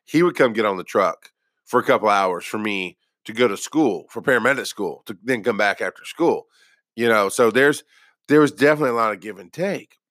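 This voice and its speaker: Guy who used to be a paramedic rambling through his own story, laughs at himself, bright punchy voice, dry sound. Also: fairly low pitch, a little fast, no echo. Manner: rambling and self-deprecating, with many restarts. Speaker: former paramedic. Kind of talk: casual personal storytelling.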